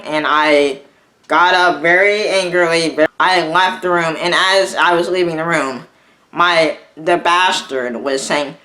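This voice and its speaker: A young man telling a personal story in an angry, halting vlog rant, full of restarts and swearing. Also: fairly high pitch, steady tone, sharp tone, poor audio. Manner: halting and bitter, with frequent restarts and profanity. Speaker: vlogger.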